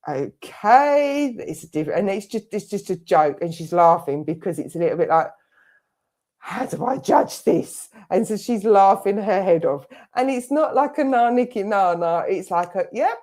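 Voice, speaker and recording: A woman's voice: medium pitch, lively intonation, moderate pace, darkish tone. A middle-aged woman giving a clairvoyant reading as a spiritualist medium, chatty and full of quoted asides. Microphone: online service stream.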